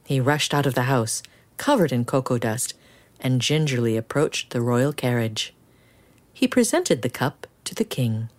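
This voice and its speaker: Rich: A woman with a low voice reads a children's storybook aloud in a lively, expressive way. Her pitch rises and falls widely through the story. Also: a little slow. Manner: expressive, animated reading. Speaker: storyteller reading picture books.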